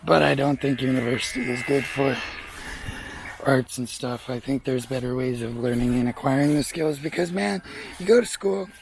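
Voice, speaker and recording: A man's voice: medium pitch, normal speed, gravelly, noisy background. A young man telling his life story in a casual vlog, rambling, frank and swearing freely. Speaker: vlogger.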